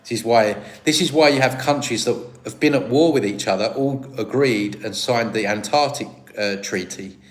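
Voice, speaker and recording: A man's voice: medium pitch, moderate pace, hardly any pauses. A British man hosting a livestream, chatting casually and answering viewer comments in a rambling, self-deprecating way. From Britain. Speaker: livestream host. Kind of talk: casual live-stream chat, reading viewer comments.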